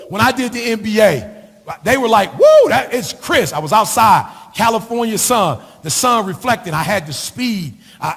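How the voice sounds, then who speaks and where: Gravelly, high-pitched preaching man. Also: a bit bright. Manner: preaching, with a sing-song rhythm and repeated rhetorical questions. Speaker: motivational speaker. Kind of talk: motivational speech. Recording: long hall reverb.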